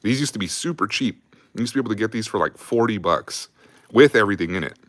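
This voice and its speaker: A man's voice: on the low side, lively intonation, quick pace, fairly bright tone, a little hiss or hum. A young adult man telling army stories on a livestream in a casual, rambling, profane way, laughing often. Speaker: livestream host.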